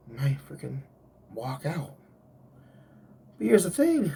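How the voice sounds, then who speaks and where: A man's voice: high voice, sing-song, a little slow, creaky, pauses often, husky, recorded from a distance. A man who works security, venting in a profane vlog rant about a coworker. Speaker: security guard.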